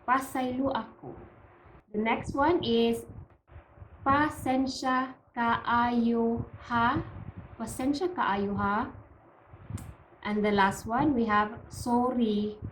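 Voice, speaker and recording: A woman with a Cebuano accent from the Philippines teaching a language lesson, pronouncing words slowly and carefully for learners to repeat. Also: a little high, echoey room, slight background noise, poor audio. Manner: slow, careful pronunciation drills.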